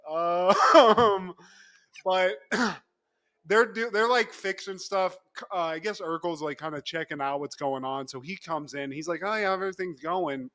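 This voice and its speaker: A young man with a high, bright voice cheerfully retells a TV episode for his co-host. He talks in an animated way, laughs often and slips into quick impressions of the characters. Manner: animated storytelling, acts out quotes, laughs often. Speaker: podcast co-host. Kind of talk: casual chat recapping a TV episode.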